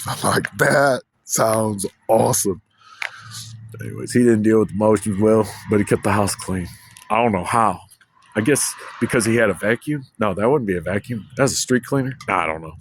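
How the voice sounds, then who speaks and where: A man's voice: on the low side, fairly quick, a little hiss or hum. Man rambling in a scattered monologue. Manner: scattered, loses his train of thought, swears casually. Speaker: vlogger.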